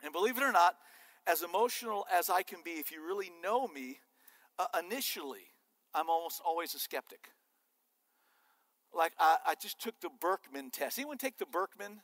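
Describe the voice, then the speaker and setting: High, bright-voiced joking preacher in hall. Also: male voice, moderate pace. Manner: animated and joking. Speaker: pastor. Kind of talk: sermon. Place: church sanctuary.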